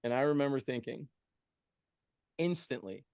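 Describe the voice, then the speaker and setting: A man's voice: mid-range voice, moderate pace, gravelly, smooth, no room sound. Self-mocking storytelling man, dry lo-fi sound. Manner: animated, self-mocking, casual with dude and bro. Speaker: podcast guest. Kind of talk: humorous storytelling.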